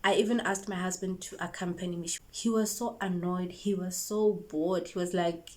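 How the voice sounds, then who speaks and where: A woman with a South African accent, a YouTuber and make-up artist telling a storytime vlog in a lively way, acting out the conversations she recounts. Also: lowish voice, normal speed.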